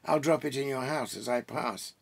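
A man voicing a huge, glad and solemn Father Christmas, speaking loud, slow and grand in a storybook reading. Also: mid-range voice, vocal fry, breathy edge. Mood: solemn, joyful.

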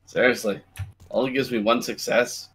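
A man's voice: mid-range voice, fairly even intonation, fairly bright tone, soft background music. A man playing in a tabletop game, casual and wry, chuckling often. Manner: slow, laughs often, wry. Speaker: player. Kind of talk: casual chat.

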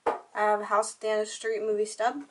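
Music plays and children cry behind this teenage vlogger as she rambles casually through her things, using "like" again and again. She talks quickly in a mid-range voice with a flat delivery.

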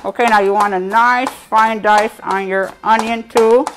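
A woman's voice: a little high, fairly even intonation, measured pace, background noise. A woman hosting a casual live cooking show, chatty and giggly, talking to her viewers with a piece of bread in her mouth.

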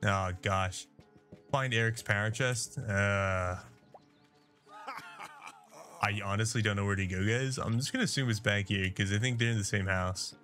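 Casual male gamer, low-ish voice, chatty and self-mocking, faint music behind. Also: normal speed, pauses often, pushed and bright. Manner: chatty, jokey, self-deprecating. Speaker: gameplay streamer. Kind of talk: casual let's-play commentary.

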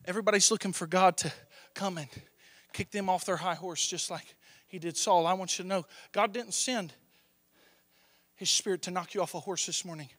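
A young male pastor preaching a sermon with passion, swinging from shouts down to hushed near-whispers. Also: sits high, normal speed, no room sound. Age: young adult.

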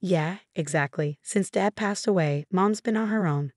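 Dismissive young husband, curt and stubborn, voiced by a woman narrator in her own low voice. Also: moderate pace, a little mellow, dry recording, clean studio sound, lightly acted.

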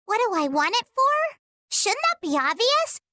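A woman's voice: very high voice, big pitch swings, moderate pace, pushed and bright, no echo, clean studio sound, heavily acted. An actress voicing a spunky young girl pirate in a video game, talking in cheeky pirate slang. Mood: cocky. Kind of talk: game voice acting. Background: game music.

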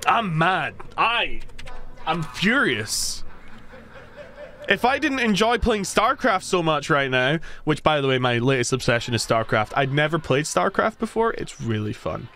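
A man talks over his horror game playthrough with a sarcastic, ranting edge and salty language. His voice sits a bit high and swings widely in pitch, climbing into loud bursts of exasperation. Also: very animated, normal speed, few pauses. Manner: swears freely. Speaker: gaming video creator. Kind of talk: let's play commentary.

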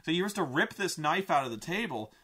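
A high, bright-voiced man rants about a film in a casual vlog. He is exasperated and swears freely, and he rambles through restarts and filler words. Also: expressive, a little fast, breathy edge. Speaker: vlogger, film reviewer. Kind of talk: casual rant.

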